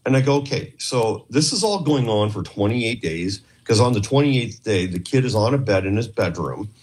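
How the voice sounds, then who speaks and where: A man's voice: on the low side, expressive, normal speed, a little mellow. A man from Canada telling a story in a casual interview, rambling and acting out the dialogue he had with others. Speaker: podcast guest, former investigator.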